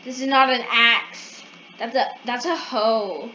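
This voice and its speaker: A woman's voice: on the high side, slow, bright, forceful tone. A woman chatting offhandedly alongside a gamer, teasing him. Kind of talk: casual chat. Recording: echoey, muffled, noisy mic.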